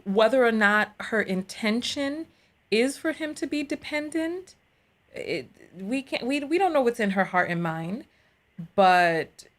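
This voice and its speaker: A woman hosting a live call-in show, giving her commentary quickly and repeating words as she starts a thought. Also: on the high side, animated. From United States.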